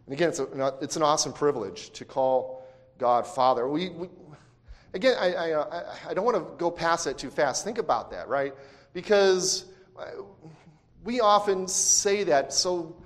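A male pastor preaching a sermon, talking in a conversational way with asides and restarts, then swinging from quiet to loud emphasis. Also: fairly high pitch. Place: church sanctuary. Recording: long church hall reverb.

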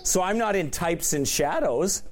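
High-voiced man preaching a sermon. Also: lively intonation, unhurried. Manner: conversational preaching with rhetorical questions.

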